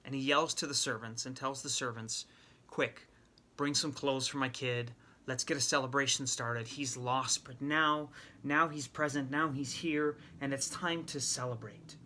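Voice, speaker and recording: Bright-voiced middle-aged man preaching. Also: medium pitch, unhurried, slight background noise. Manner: retells scripture in lively paraphrase, acting out lines. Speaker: men's ministry teacher. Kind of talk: sermon teaching.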